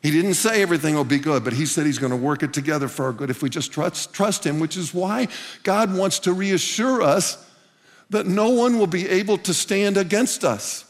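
A man's voice: high voice, normal speed. A man preaching a sermon to a congregation, earnestly repeating lines for emphasis. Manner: earnest, repeats phrases for emphasis, calls listeners "guys". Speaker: pastor. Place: church hall with a congregation. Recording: long reverb of a large hall.

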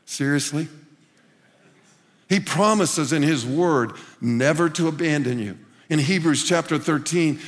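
An unhurried pastor with a voice on the high side speaks to a congregation in a church hall, earnestly repeating phrases to stress them. He calls everyone "guys," and the big space adds a long reverb.

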